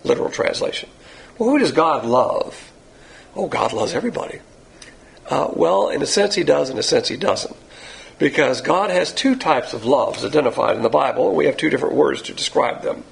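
A man's voice: mid-range voice, expressive, a little fast, vocal fry. A man teaching a Bible lesson in a blunt, lecturing sermon style, pointing to words he has written up. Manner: blunt, lecturing, uses a board.

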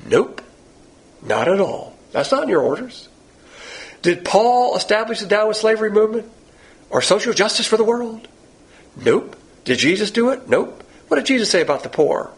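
A Bible teacher preaches a sermon in a high-pitched, sing-song voice at a moderate pace. His style is pointed and confrontational: he speaks bluntly and emphatically, firing off rhetorical questions.

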